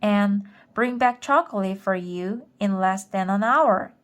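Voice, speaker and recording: A woman voicing a quick-thinking young boy, polite and eager, pleading with an ant queen in a storybook reading. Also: medium pitch, lightly acted.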